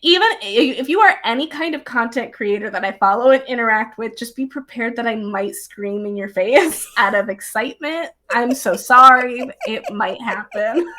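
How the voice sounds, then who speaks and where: A bubbly young woman talks in a casual chat, her voice sitting a little high. She fills her talk with little fillers and breaks into laughter often. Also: lively intonation, normal speed, pushed and bright. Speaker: guest. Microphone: streamed live remote talk.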